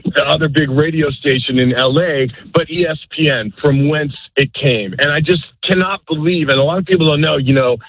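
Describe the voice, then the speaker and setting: A man's voice: fairly high pitch, a little hiss or hum. A man calling in to a radio show, rambling and restarting his points, heard over a dull lo-fi line. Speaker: radio caller. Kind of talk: rambling call-in comment.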